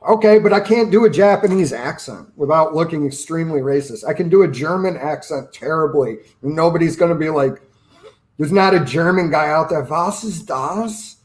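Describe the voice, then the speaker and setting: A man's voice: fairly high pitch, a little fast, darkish tone. Opinionated male finance YouTuber. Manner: opinionated, storytelling with quoted asides. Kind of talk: casual livestream chat.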